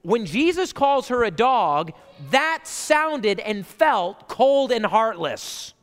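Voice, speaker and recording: A male pastor preaching a conversational sermon in a church, animated and chatty, full of "like" and "right?" asides. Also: very high voice, slow pace. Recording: reverberant church hall.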